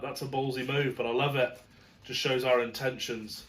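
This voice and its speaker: A man's voice: mid-range voice, fairly even intonation, normal speed, a bit bright, slight background noise. A man giving a chatty, rambling match review to camera, full of fillers and asides. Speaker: football fan reviewing a match. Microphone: camera setup.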